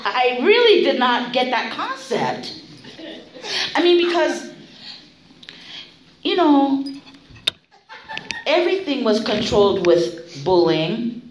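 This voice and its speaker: Woman, middle-aged, recovery share, blunt, profane, very lively pitch, echoey room. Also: slow, long pauses, background noise. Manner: profane, blunt, laughing storyteller. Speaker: recovery meeting speaker. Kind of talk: candid storytelling share.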